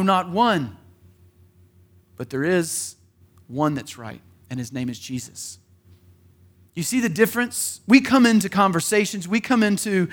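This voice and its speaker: A male pastor preaching a sermon in a conversational way, often acting out the voices he quotes. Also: high voice.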